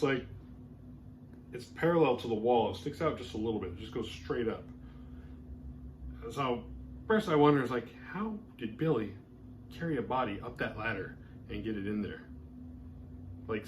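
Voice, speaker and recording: Recapping a horror film on his review show, a man rambles casually and leans heavily on filler words, especially "like." His voice is medium in pitch, with a slight hiss or hum behind it.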